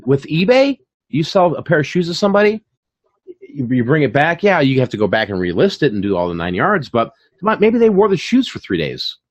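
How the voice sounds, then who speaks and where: Male host, casual and chatty, animated delivery, dry sound. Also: a little high, a little fast, no room sound, dull audio. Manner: animated, chatty, full of fillers and repeats. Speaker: channel host and online reseller. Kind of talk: casual chat on a live stream.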